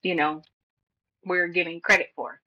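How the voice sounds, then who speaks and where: A woman's voice: fairly low pitch, level tone, unhurried, dull audio. A woman co-hosting a podcast, making wry, offhand comments in casual chat. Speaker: podcast co-host.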